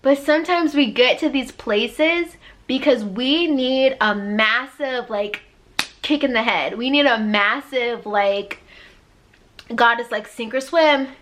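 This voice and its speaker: Woman life coach, high and bright, preaching motivation in a chatty, emphatic way. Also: slow. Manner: emphatic and preachy, acting out God's voice with loud high swoops; repetitive, conversational, with frequent "like". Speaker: life coach and podcast host. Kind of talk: motivational spiritual talk.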